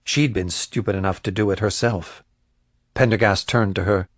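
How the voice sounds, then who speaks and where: A man narrating a crime thriller audiobook in a measured, even storytelling voice. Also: on the low side, no room sound, studio quality. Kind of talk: scripted narration.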